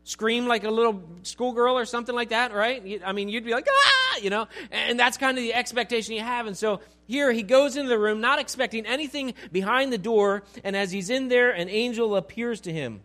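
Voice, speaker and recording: A man, a pastor, teaching a Bible passage in a relaxed conversational way, asking his listeners questions and acting out the scenes. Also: extremely high pitch, a little fast, few pauses. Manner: conversational, acts out scenes with asides.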